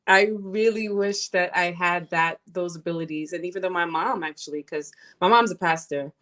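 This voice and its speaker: Young woman from nigeria on a podcast, kinda low voice, thoughtful, lots of "you know what i'm saying". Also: moderate pace, fairly bright tone. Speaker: podcast guest. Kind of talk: casual podcast conversation.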